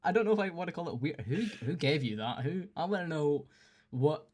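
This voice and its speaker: A man hosting a casual chat, teasing his guest with quick jokes and frequent laughs. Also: a little high, expressive, darkish tone. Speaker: podcast host.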